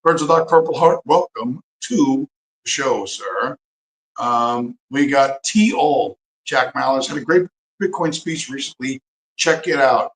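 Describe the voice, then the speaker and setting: A man hosting his own livestream, talking in a heated, profane rant and hammering his points home by repeating them. His voice sits at an ordinary middle pitch. The room around him has a noticeable roomy echo. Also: a little slow. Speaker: livestream host.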